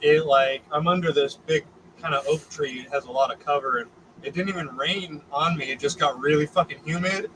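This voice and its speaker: A man with a bright, sharp-edged voice talks with easygoing, casual swearing. A faint hiss of noise sits behind him. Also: fairly high pitch, brisk, rough recording. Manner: laid-back, swears casually. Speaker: guest. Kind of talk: casual chat.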